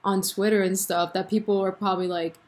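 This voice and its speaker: A woman in her twenties chatting casually on her vlog, animated and full of fillers. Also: mid-range voice, brisk. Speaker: vlogger. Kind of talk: casual chat about a TV show.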